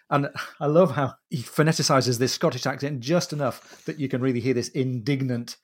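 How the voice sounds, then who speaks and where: A man's voice: mid-range voice, a little fast, hardly any pauses. A man hosting a podcast, chatting about a novel's humour and now and then reading lines. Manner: animated, reads quoted lines in put-on accents. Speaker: podcast host. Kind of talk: conversational book discussion.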